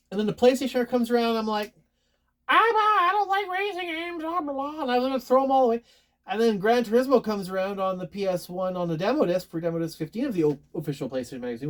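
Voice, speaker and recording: Rambling and self-deprecating, a married adult man with a slightly high, darkish voice casually shows off what he's recently bought for his collection. He restarts his words frequently as he talks.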